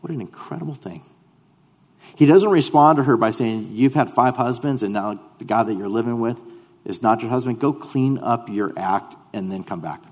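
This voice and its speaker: A man preaching a sermon as pastor. He drops to hushed tones, then rises to loud, fervent declarations. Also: medium pitch, moderate pace, big-room sound.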